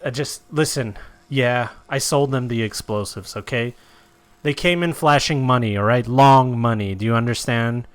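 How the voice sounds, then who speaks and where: Casting: a man playing a twitchy arms dealer, defensive and rambling, smooth dry voice. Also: medium pitch, moderate pace, dry recording, lightly acted. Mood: nervous. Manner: rambling, defensive, loud protests. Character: nervous shady male arms dealer, defensive.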